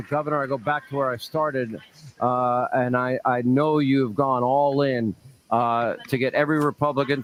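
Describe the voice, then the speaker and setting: A man's voice: mid-range voice, a little hiss or hum, rough recording. A man hosting a TV news interview, asking emphatic questions with long lead-ups. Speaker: TV news host.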